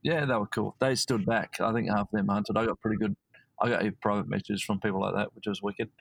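A man's voice: lowish voice, steady tone, fairly quick, gravelly, dry recording, rough recording. Australian man rambling through a story. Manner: rambling, with many fillers and restarts. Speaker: guest. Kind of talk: casual storytelling.

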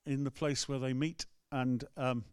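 A man's voice: medium pitch, steady tone, unhurried, a little mellow, clean tone, no room sound, clean studio sound. A man with an English accent, a rector preaching a sermon in a conversational, storytelling way. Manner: storytelling, conversational, acts out quotes. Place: church.

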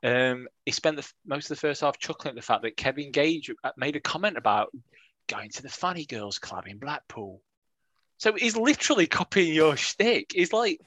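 A man's voice: a little high, very animated, moderate pace, fairly bright tone, no echo. A man co-hosting a podcast, chatting and joking with many restarts. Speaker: podcast co-host. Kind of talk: casual chat.

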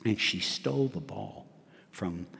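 A man's voice: lowish voice, lively intonation, measured pace, gravelly, fairly bright tone. A middle-aged man preaching a sermon, asking his congregation questions and laughing at himself as he tells a story. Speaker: pastor. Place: church sanctuary. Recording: long church hall reverb.

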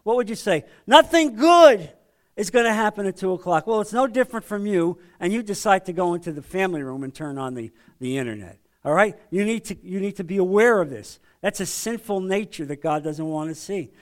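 A man with a fairly high speaking voice leads a men's Bible study. He teaches conversationally, often checking in with the group with quick rhetorical questions.

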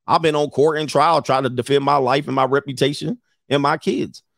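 A man's voice: mid-range voice, fairly quick, creaky, a bit bright, dry recording, studio quality. A middle-aged man giving blunt, profane advice in a casual talk, often mimicking others in a raised voice. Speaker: podcast host giving advice.

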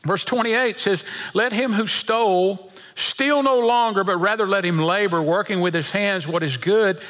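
A man's voice: high-pitched, normal speed, a bit bright. A middle-aged man preaching a sermon, telling folksy stories with chuckles and often repeating his words. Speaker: pastor.

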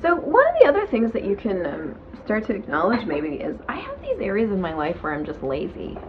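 A woman's voice: medium pitch, wildly swooping pitch, a little fast, highs cut off, background noise. A woman hosting her own show, giving casual self-help talk from home in bed in a frank, chatty way with casual swearing. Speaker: podcast host.

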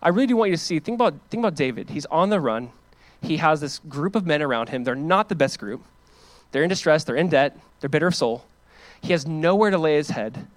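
Pastor, male, earnest preaching, slightly high voice, dry close sound. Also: lively intonation, fairly quick, no echo. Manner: earnest, emphatic preaching with casual asides. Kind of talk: sermon.

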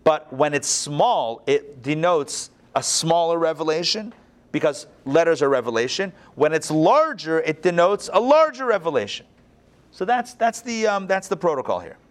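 A man leading a text-study class with a voice pitched a little above most men's. He reads from the book and then talks it through in a loose, lively way, with quick asides and restarts. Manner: conversational, animated, with restarts and asides. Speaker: Torah teacher.

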